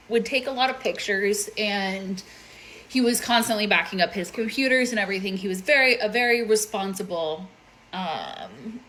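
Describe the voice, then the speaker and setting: A woman telling a personal story in a casual get-ready-with-me video, halting and pausing with fillers. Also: medium pitch, sharp tone.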